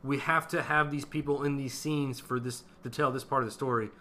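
A young man co-hosting a casual movie review podcast, excited and laughing, swearing freely. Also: medium pitch, fairly quick. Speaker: podcast co-host.

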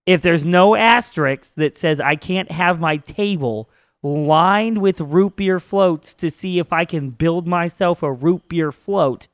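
A man's voice: on the high side, slow pace, slight background noise. A young man co-hosting a comedy podcast, playfully acting out conversations in mocking voices. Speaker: podcast co-host. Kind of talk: casual comedic banter.

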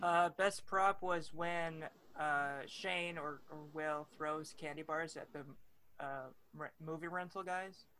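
A guest on a casual comedy podcast answers haltingly, with fillers between words. A faint background noise is present. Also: medium pitch, fairly even intonation, sharp tone, poor audio.

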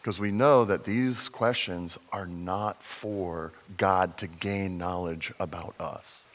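A man's voice: deep voice, fairly even intonation. Man preaching a conversational sermon. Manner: conversational, many fillers and restarts, slow deliberate stresses. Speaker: pastor. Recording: long reverb in a large hall.

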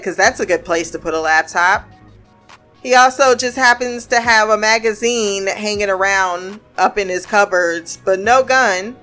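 A woman's voice: medium pitch, a little slow, fairly bright tone, soft background music. A woman giving a casual, blunt and sarcastic review of a TV show, swearing freely as she recaps the episode.

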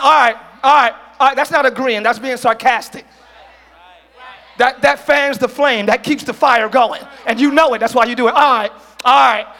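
A man preaching a sermon as pastor to a congregation, using slang and acting out quick quoted voices. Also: extremely high pitch. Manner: preaching with call-and-response and shouted peaks. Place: church hall with congregation.

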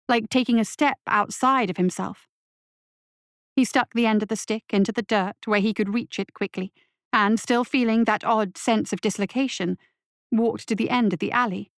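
A woman's voice: fairly high pitch, no room sound. Woman reading a story, dry close sound. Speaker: audiobook reader. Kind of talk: scripted story narration.

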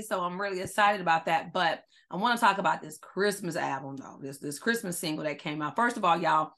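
A woman hosting a casual podcast interview, excited and chatty, often restarting her words. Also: on the low side. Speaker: podcast host.

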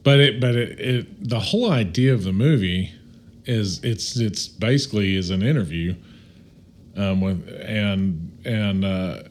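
Brief: man, lowish voice, co-host in easy banter, halting delivery with restarts. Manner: halting, restarts sentences often. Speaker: podcast co-host. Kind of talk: casual chat.

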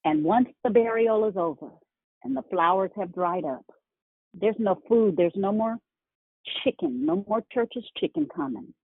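A woman's voice: medium pitch, animated, a little slow, slightly rough, no room sound. A woman preaching a sermon, emphatic and repeating words for effect. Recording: tinny phone-line sound.

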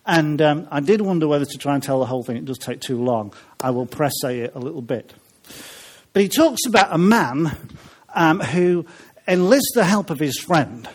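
A man's voice: a little high, expressive, normal speed. A man preaching a humorous sermon, chatty and joking with his listeners between points. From Welsh family. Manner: chatty, joking asides to the congregation.

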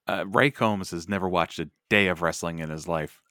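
A man's voice: low voice, normal speed, pushed and bright, clear, resonant tone, no room sound. A man co-hosting a wrestling podcast, chatting casually with dry, sarcastic jokes. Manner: sarcastic, joking. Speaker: podcast co-host. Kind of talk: casual chat.

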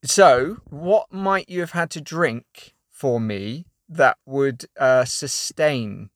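A man's voice: mid-range voice, takes it slowly, no echo, clean studio sound. A man hosting a casual podcast, jokey and laughing often, with a South London accent. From West Country of England. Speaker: podcast host.

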